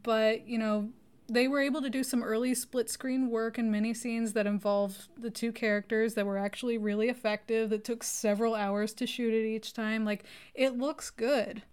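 Woman, film podcast co-host, slightly high voice, gushing and profane, quick to laugh. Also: steady tone, a little mellow, clean tone. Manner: enthusiastic, swears freely, laughs often. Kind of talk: casual film discussion.

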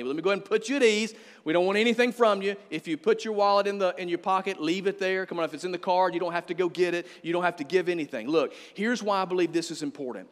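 A man preaching a sermon as pastor, energetic, quoting scripture with emphasis. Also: sits high, racing, few pauses. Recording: reverberant church hall.

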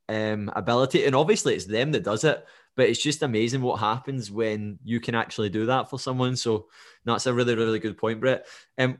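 A man hosting a podcast, speaking thoughtfully and reflectively with fillers and restarts. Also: mid-range voice. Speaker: podcast host. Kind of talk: casual chat.

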